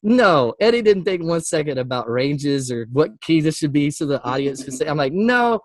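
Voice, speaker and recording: Animated male storyteller, dry sound. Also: a little fast, dry recording. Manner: animated storyteller, acts out quotes with big pitch jumps, laughs often. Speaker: Christian music artist guest. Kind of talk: casual interview storytelling.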